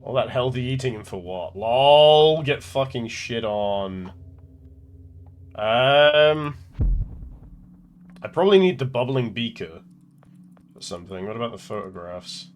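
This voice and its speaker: A young man mutters his way through a game stream, tossing out profane jokes and jabs at the characters. His talk is casual and offhand, at an ordinary pitch. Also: lively intonation, a little slow, long pauses. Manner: muttering, swearing, mocking asides. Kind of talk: casual live gameplay commentary.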